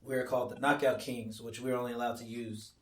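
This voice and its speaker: A man's voice: mid-range voice, level tone, fairly quick, distant mic. A man with a Texan accent, a wrestler guest on a podcast, boastful and rambling as he lists names. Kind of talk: casual podcast chat. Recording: roomy, from off-mic.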